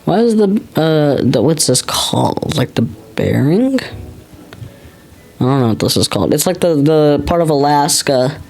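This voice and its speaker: American guy naming countries on a map, slow and unsure, mutters names over, faint music behind. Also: fairly high pitch, expressive, gravelly, a little mellow, low-quality recording. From United States. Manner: unsure, thinks aloud, repeats names to himself. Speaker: geography vlogger. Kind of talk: casual commentary while labeling a map.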